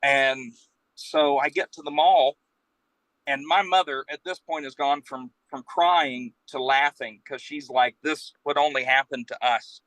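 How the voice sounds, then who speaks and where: Bright-voiced man telling a rambling story. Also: mid-range voice, measured pace, no echo, rough recording. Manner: rambling, animated storytelling with acted-out quotes. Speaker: guest storyteller, professional Santa. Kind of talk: casual anecdote telling.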